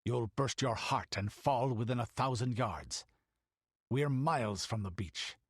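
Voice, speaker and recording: A man's voice: mid-range voice, a little slow, breathy edge, dry recording, clean studio sound. A man voicing a commanding barbarian warrior in an audiobook, giving curt orders.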